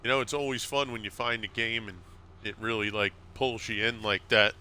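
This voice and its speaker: A middle-aged man chatting casually on a gameplay stream, telling stories in a lively way. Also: fairly low pitch, moderate pace, a little hiss or hum. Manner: animated storyteller, acts out quotes with laughs.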